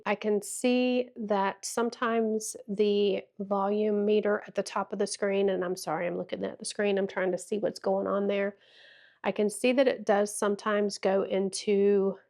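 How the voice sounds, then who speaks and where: A soft-spoken woman chatting casually while walking around her home for a vlog, thinking aloud into a wireless clip-on mic. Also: medium pitch. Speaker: vlogger testing a new camera.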